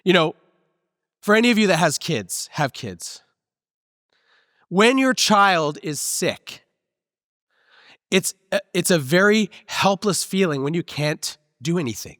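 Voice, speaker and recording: A man with a fairly high voice preaches a sermon in an easygoing, conversational way, mixing in stories from his own life. His voice sits close to the mic while a long church-hall reverb trails behind it. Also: expressive, slow pace, pauses often, fairly bright tone. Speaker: pastor. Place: church sanctuary.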